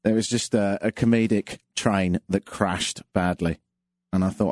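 A man's voice: on the low side, steady tone, a little slow, darkish tone, dry recording. A man hosting a call-in radio show, telling stories and jokes in a dry, self-mocking way. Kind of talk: casual monologue with jokes.

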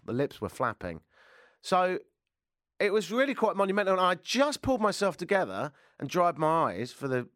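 A man's voice: mid-range voice, fairly bright tone, no echo, studio quality. A British man in his forties hosting a radio show, chatting in a rambling, self-mocking way. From Britain. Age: 40s. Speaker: radio host. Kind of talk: casual radio monologue.

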